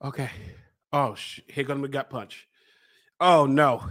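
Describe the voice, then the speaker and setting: A young man hosting his own show, joking and yelling while he sweats and burns from a hot pepper challenge. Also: mid-range voice, wildly swooping pitch, measured pace. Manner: loud, frantic and joking, yelling and sighing between lines. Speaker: podcast host and life coach. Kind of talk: live reaction during a spicy chip challenge.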